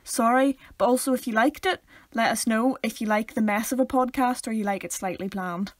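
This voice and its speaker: A woman's voice: fairly high pitch, fairly quick, dry recording. A young woman with a Northern Irish accent, co-hosting a casual podcast, chatty and laughing often as she talks over her sister. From Northern Ireland. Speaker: podcast co-host. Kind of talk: casual chat.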